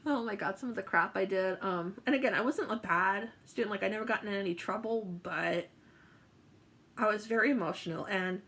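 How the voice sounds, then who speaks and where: A woman's voice: medium pitch, a bit bright. A young woman telling a personal story to camera, chatty and emotional, with many fillers and restarts. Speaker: vlogger.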